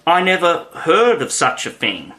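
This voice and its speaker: Polite, puzzled young girl, played by a male reader, bright and earnest, unhurried. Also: on the high side, huge pitch swings, pitched above the performer's own voice, full character voice. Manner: earnest, questioning. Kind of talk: audiobook reading.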